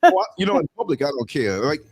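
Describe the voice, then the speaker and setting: An American man co-hosting a casual morning online show, telling stories with laughter and sudden high-pitched outbursts. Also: quick pace, slightly rough. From United States. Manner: animated storytelling, laughs often, jumps to high pitch. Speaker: co-host. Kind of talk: casual chat.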